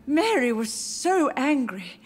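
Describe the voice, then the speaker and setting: A woman's voice: high-pitched, very animated, slow pace, faint music behind, heavily acted. An actress voicing an elderly, confused and grieving mother who talks in a tender, dreamy, wandering way. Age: older.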